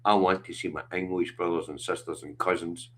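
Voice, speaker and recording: A man's voice: low voice, fairly even intonation, fairly quick, a bit bright. A middle-aged Scottish man hosting a livestream, talking bluntly and passionately with lots of swearing. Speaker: livestream host. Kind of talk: casual chat.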